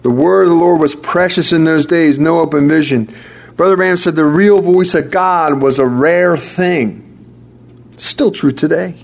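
Preaching in a fairly high, gravelly voice, a man hammers key phrases and says them again for emphasis. He trips into rapid restarts while building his argument.

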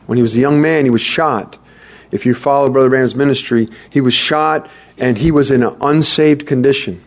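A man preaching a sermon in an earnest, conversational way, repeating himself for emphasis. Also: mid-range voice.

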